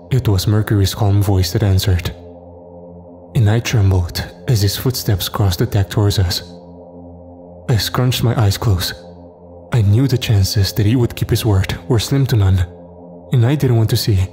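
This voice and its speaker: A man narrating a first-person horror story in a measured, grim way. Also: on the low side.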